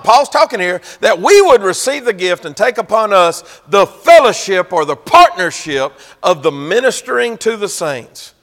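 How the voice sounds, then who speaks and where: A man preaching a folksy sermon, swinging from loud to hushed. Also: high-pitched, very animated, normal speed, hardly any pauses, big-room sound. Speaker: pastor.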